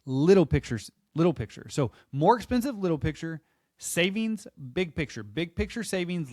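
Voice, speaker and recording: A man coaching salespeople with an energetic, punchy delivery, acting out calls to customers as he teaches. His voice sits somewhat high for a man. The sound is dry and close, with no room around it. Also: dry recording. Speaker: sales trainer.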